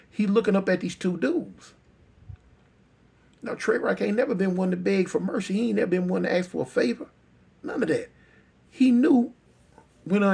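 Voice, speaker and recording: Brief: male storyteller, gravelly husky voice, talks plain and repeats for effect. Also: high voice, a little mellow. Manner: repetitive, conversational, emphatic. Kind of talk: oral street storytelling.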